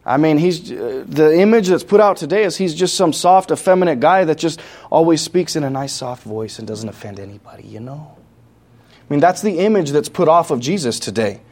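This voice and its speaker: A man preaching a sermon from scripture, talking through it in a loose, conversational way with restarts, then building to loud, impassioned passages. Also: on the high side, lively intonation, moderate pace. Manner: conversational asides with many restarts.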